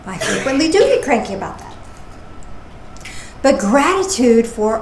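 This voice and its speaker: A woman's voice: fairly high pitch, a little slow, long pauses. Chatty, playful woman preaching in an echoey room. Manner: chatty, playful, animated asides. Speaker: minister. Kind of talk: casual sermon. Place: church service. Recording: echoey room with faint noise.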